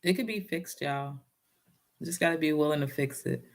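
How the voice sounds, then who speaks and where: A woman's voice: sits low, normal speed. A woman giving a casual motivational talk and telling a personal story, speaking in a down-home way and often addressing her listeners directly.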